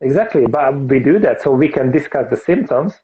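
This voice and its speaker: Male guest author, earnest explainer, mid pitch, heard through a tinny remote line. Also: expressive, fairly quick. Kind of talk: casual interview chat.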